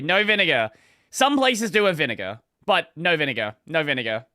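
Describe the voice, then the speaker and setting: A bright, sharp-toned Australian man gives sardonic reaction commentary, swinging his voice up and down as he jabs at what he watches. He is blunt and swears freely, recorded dry and close to the mic. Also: on the high side, big pitch swings, fairly quick, dry recording. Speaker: streamer reacting to a video.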